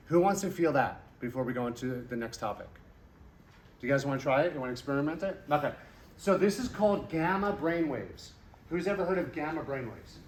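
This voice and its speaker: A man leading a stress-relief exercise for a live audience, coaching them and asking questions. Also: fairly high pitch. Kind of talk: live workshop talk to an audience. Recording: roomy hall, voice from off-mic with faint noise.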